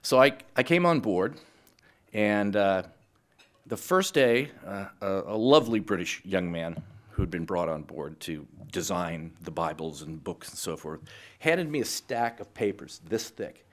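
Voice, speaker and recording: A middle-aged man speaking as a guest to a live audience, telling lively stories and acting out both sides of conversations. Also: low-pitched, unhurried. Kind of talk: anecdotal speech to a live audience.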